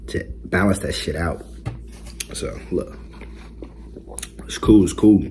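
A young mukbang vlogger talks slowly in a low, slightly mellow voice, casually chatting with viewers from his LED-lit bedroom. He jokes, boasts and uses loose slang, with slight background noise behind him.

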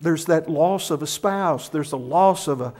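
A middle-aged male pastor preaching a sermon, telling the story plainly and leaning on key words with louder and softer delivery. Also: fairly high pitch, a little slow. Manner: storytelling preacher, varies loudness for emphasis.

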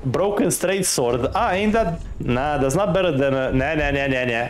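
A man commentating his first play of a game, excitable, laughing often and swearing casually at enemies. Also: a little high, normal speed, hardly any pauses, slight background noise. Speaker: gaming streamer.

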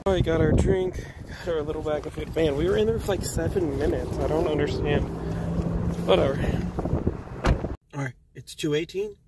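This man's voice sits on the high side, moving at a moderate pace with long pauses. He drives food deliveries and narrates a casual vlog from his car, chatting, telling stories and laughing often over the road noise.

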